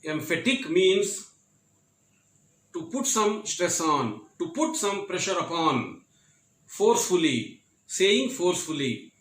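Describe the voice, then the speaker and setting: A man teaching a grammar lesson in a classroom, repeating words and pausing with fillers as he explains step by step. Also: high-pitched, big pitch swings, fairly bright tone. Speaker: English teacher. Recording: roomy echo, from far off.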